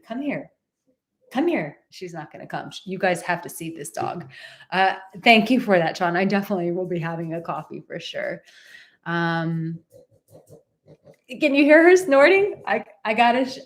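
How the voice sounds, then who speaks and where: A woman relationship coach in casual live-stream chat from a relative's home, bubbly and talkative, reading out viewer comments. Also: mid-range voice.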